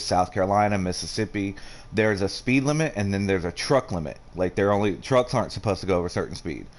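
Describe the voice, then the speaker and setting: A man with a drawl chats while streaming a game. His voice sits a little low, and he rambles from story to story, swearing freely along the way. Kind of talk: casual chat while gaming.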